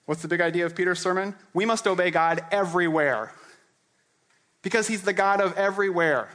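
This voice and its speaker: A man's voice: sits high, brisk, fairly bright tone. A man preaching a sermon as pastor, in a loose, joking, conversational way, acting out characters and laughing often.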